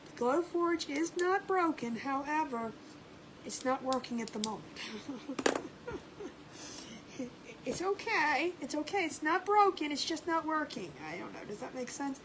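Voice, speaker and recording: A woman's voice: sits high, lively intonation, normal speed, background noise. A woman hosting a casual craft livestream, chatting and greeting viewers by name and laughing often. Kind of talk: casual live-stream chat.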